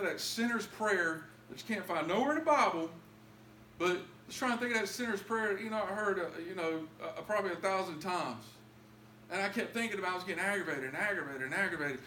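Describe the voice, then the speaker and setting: A man telling his own story as a testimony in a church, emotional and pleading at its high points. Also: bright, forceful tone, roomy sound, a little hiss or hum. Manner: emotional, rising to pleading highs. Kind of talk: testimony sermon.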